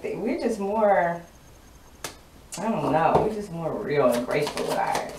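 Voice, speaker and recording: A woman's voice: medium pitch, moderate pace, a little mellow. A woman giving a casual tarot reading in a sassy, emphatic way, often repeating her lines for effect. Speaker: tarot card reader. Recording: roomy, distant mic, clear background noise.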